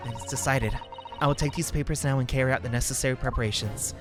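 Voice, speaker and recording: A man voicing a sincere young male law student in a game, speaking slowly and solemnly. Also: medium pitch, fairly even intonation, soft background music, natural voice. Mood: earnest.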